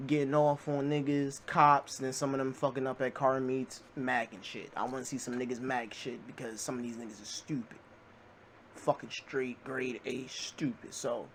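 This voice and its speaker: A man hosting a reaction video, talking casually and yelling excitedly at what he watches. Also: mid-range voice, slight background noise. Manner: excitable, yells at the clips, heavy swearing. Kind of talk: casual profane reaction commentary.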